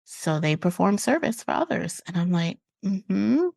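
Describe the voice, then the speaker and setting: A woman's voice: on the low side, sing-song, normal speed, gravelly, no room sound. A woman hosting a podcast, asking probing questions in a casual, affirming way. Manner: warm, probing questions with frequent affirming hums. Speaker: podcast host. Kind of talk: casual interview chat.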